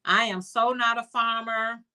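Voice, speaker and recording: Woman, Chicago accent, livestream host; bright, chatty, upbeat delivery reading viewer comments. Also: fairly high pitch, fairly even intonation, unhurried, smooth. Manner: chatty and upbeat, greets viewers by name, calls them honey.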